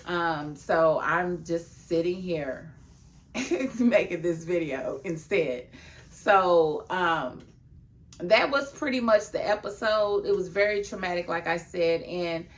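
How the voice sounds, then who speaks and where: A woman giving a casual video review of a TV episode, talking emphatically and laughing often, then dropping into a lower, confiding tone. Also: slow. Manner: emphatic and animated, with frequent laughs; chatty, drops into a low, confiding tone.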